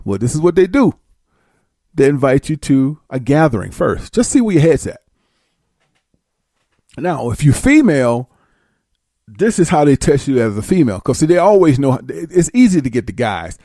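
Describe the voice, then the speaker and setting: Man vlogger, lively blunt storyteller with a mellow voice, dry room. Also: a little high, normal speed, long pauses, no room sound. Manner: animated, blunt and profane. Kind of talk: casual storytelling.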